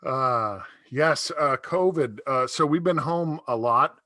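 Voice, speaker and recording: A man's voice: mid-range voice, takes it slowly, bright, forceful tone, no echo. A middle-aged man doing a stand-up comedy set over a video call, telling rambling stories and laughing at his own jokes.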